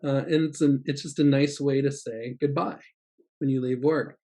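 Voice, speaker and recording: A man's voice: medium pitch, steady tone, normal speed, warm tone. A man giving a casual teaching vlog, rambling and hesitant, with many fillers and light laughs. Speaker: assistant language teacher trainer. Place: Japan.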